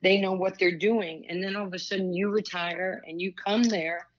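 The recording is muffled with slight background noise as a medium-pitched woman speaks at normal speed. In her sixties, the former pro basketball player and broadcaster is an interview guest telling candid stories animatedly, with many asides and restarts.

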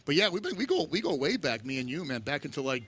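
A middle-aged man telling animated stories in casual chat, acting out the voices of people he quotes. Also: on the high side, fast talker, a little hiss or hum. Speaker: guest.

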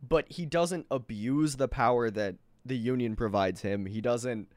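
A man in casual chat who explains his points in a measured way. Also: medium pitch, darkish tone, no room sound.

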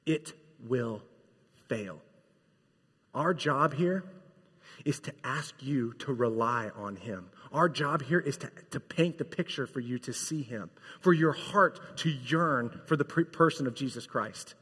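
Male preacher, emphatic casual sermon delivery, breathy and bright, reverberant hall. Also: medium pitch, expressive, a little slow. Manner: emphatic, swings from loud to hushed, casual slang. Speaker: pastor.

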